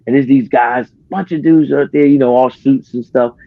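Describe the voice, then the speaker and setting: A man hosting a podcast, telling a story in casual chat, animated, acting out what others said and often restarting his sentences. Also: mid-range voice, moderate pace, creaky, phone-quality sound. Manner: animated, acts out quoted dialogue, frequent restarts. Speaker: podcast host.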